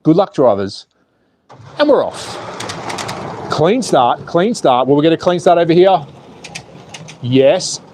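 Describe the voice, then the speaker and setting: A man hosting a live stream and calling a slot car race, commentating excitedly and rising to exclamations. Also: on the high side, a little slow, a little hiss or hum.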